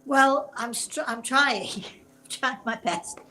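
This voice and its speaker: An older woman hosting a live show as a psychic medium, talking in a chatty, encouraging and self-deprecating way with a hoarse voice that is still recovering. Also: high voice, takes it slowly, bright, forceful tone, a little hiss or hum, poor audio. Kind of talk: live online call-in talk.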